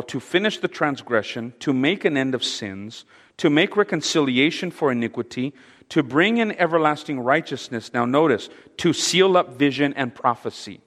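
A man leading an interactive Bible study, speaking haltingly with fillers and repeated words and putting questions to his audience. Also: medium pitch, fairly bright tone. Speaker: Bible teacher. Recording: long reverb of a large hall.

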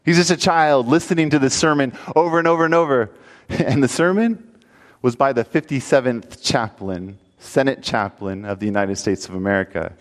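Delivered at a moderate pace in a medium-pitched male voice, this sermon has a long reverb tail. The pastor animates a story, then rises into emphatic appeals to his congregation.

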